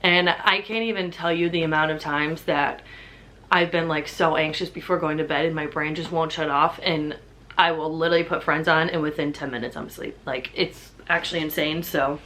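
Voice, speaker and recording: A woman's voice: sits low, steady tone, fairly quick, pushed and bright, a little hiss or hum. A woman in her twenties chatting casually in a home book vlog, filling her talk with "like". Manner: chatty, filler-heavy, says "like" constantly. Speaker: book vlogger.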